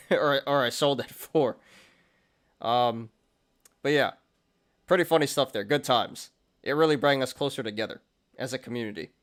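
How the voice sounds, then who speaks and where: Brief: young male host, casual market commentary, loose and chatty, laughs a lot, middle pitch. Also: fairly bright tone. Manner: chatty, laughs often, many fillers and restarts. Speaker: stock and crypto show host.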